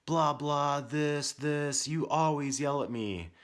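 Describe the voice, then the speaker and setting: A man's voice: a little high, takes it slowly, voice pushed up. A man voicing his young son as a whiny, defensive boy who protests and makes excuses. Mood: protesting. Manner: whining, protesting complaints.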